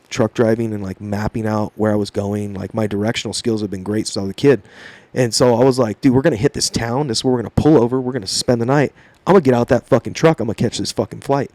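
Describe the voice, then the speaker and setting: A man's voice: medium pitch, darkish tone, no room sound. A young man, a podcast guest, telling a rambling, profanity-laced story in casual chat.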